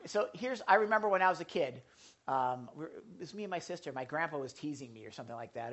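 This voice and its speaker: A man preaching a casual sermon to a congregation, animated and jokey, swinging between loud and quiet. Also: a little high, fast talker.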